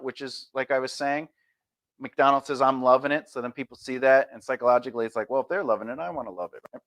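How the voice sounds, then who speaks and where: A man giving marketing advice in an animated lecture, acting out quick voices and punchy phrases. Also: mid-range voice. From Sicilian family. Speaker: marketing coach.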